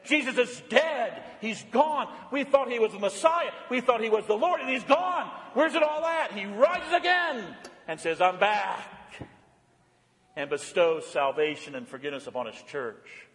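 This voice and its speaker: A man preaching a sermon as pastor, swinging from lively and playful to hushed and earnest. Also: very high-pitched, moderate pace, big-room sound. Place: church.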